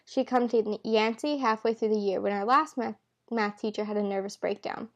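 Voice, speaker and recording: A woman reading a novel aloud at home in a relaxed, unpolished way. She trips over words, backs up and rereads them. The characters' lines come in her own plain voice. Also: mid-range voice, fairly quick. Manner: stumbles and corrects herself with asides. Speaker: amateur reader. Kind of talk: casual read-aloud of a novel.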